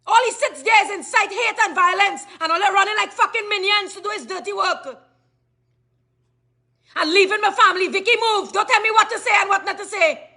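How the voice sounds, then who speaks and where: High, furious Trinidadian woman ranting. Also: a little fast, sharp tone. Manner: furious, cursing, repetitive questioning. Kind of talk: angry rant to camera.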